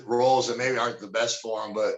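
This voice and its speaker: A man's voice: medium pitch, fairly even intonation, quick pace, muffled recording. Laid-back ex-wrestler man, echoey room. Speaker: guest, former pro wrestler. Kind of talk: casual storytelling interview.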